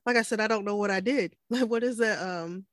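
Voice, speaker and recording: A woman's voice: mid-range voice, a little fast, dry recording. A woman in her thirties co-hosting a podcast, chatting casually, laughing often and acting out quotes. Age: 30s. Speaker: podcast co-host. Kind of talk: casual chat.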